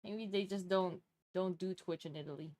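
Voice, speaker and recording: A woman's voice: on the low side, moderate pace, darkish tone, a little hiss or hum. A woman from Canada chatting casually with her stream viewers while she draws, laughing often and asking them questions.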